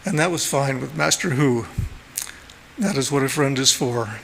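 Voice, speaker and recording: A man giving a gentle, playful storytelling talk at a church service, recorded in the sanctuary. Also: mid-range voice, moderate pace, gravelly. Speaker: lay speaker. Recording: long hall reverb, faint room noise.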